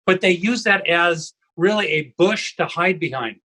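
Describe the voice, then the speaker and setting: A man's voice: high voice, normal speed, pushed and bright, rough recording. A man co-hosting a casual discussion from home over a video call, telling stories and tagging his points with "right?". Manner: storytelling, tags lines with "right?". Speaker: co-host, evangelism trainer.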